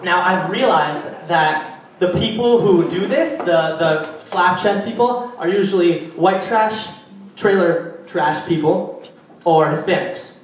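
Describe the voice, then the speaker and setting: A man's voice: high-pitched, takes it slowly, slight background noise. A young man performing a stand-up routine at a live venue, chatty and rambling, teasing the audience. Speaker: stand-up comedian. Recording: echoey venue, far from mic.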